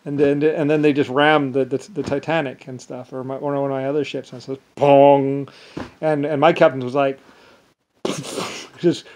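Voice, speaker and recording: A man's voice: medium pitch, flat delivery, fast, few pauses. A man talking in a meandering monologue, often restarting sentences and leaning on repeated fillers. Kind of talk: rambling monologue.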